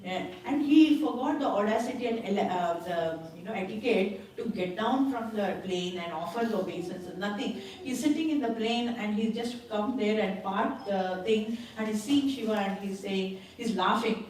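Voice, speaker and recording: A woman's voice: mid-range voice, moderate pace, few pauses, darkish tone, slight background noise. A woman giving a scripture class in a temple hall, retelling a story with acted quotes and bursts of laughter. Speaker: spiritual class speaker. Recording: very echoey hall, voice from far off.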